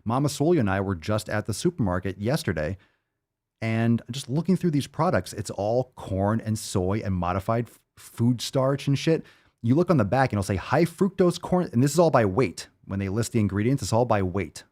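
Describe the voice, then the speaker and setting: A man's voice: lowish voice, darkish tone. A male podcast host ranting bluntly and profanely in a monologue.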